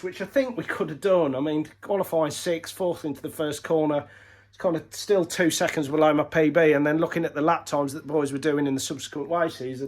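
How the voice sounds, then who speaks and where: Breathless man vlogging in workshop. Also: on the high side. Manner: rambling, many fillers and restarts. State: short of breath. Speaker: motorbike racer vlogging. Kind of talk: casual vlog update.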